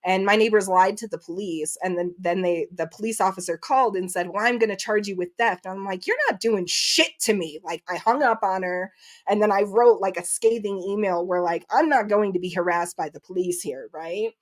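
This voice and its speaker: A woman's voice: medium pitch, a little fast. A woman, likely in her thirties, telling a story in casual chat, acting out quotes and swearing freely. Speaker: guest.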